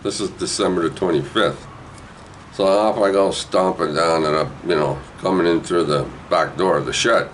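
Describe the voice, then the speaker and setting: A man's voice: sits low, normal speed, a little hiss or hum, low-quality recording. A man, rambling through a childhood memory with lots of tag questions. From New Brunswick, Canada. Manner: rambling, digressive, with frequent "eh" and "right". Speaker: storyteller. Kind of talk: casual spoken memoir.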